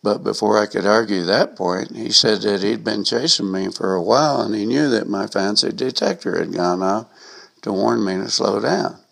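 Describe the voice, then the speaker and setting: A man with a gravelly voice reading a personal anecdote aloud, in a wry, self-mocking way. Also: on the low side, normal speed, a bit bright. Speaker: storyteller.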